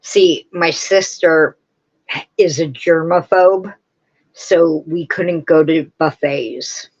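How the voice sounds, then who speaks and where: A woman's voice: sits low, slow pace, darkish tone, lo-fi sound. A woman hosting a live crafting stream, rambling casually and answering her viewers' comments as she goes.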